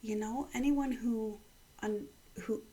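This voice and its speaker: A woman in her thirties from Canada gives a morning devotional vlog, speaking quietly in a half-whisper so her upset child down the hall can't hear. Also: on the high side, steady tone, slow, slightly rough. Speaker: mother giving a morning devotional. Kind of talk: hushed personal vlog devotional.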